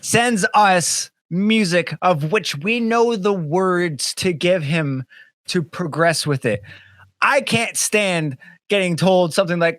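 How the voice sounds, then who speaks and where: Brief: male podcast co-host, somewhat high voice, dry close sound, animated, swears freely. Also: slow pace, no echo. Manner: animated, swearing, mocks clients in put-on voices. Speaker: podcast co-host, band member. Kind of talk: casual chat. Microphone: webcam.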